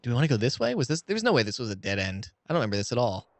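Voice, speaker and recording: A man's voice: mid-range voice, racing, dry recording. Rambling, profane guy gaming. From United States. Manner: rambling, profane, excitable ranting. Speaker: let's play streamer. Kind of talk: casual gameplay commentary.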